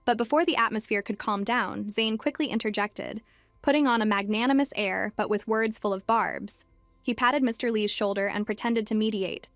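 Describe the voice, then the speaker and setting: A woman giving scripted narration of a comic story recap in an even storytelling manner. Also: medium pitch, moderate pace, dry recording, faint music behind.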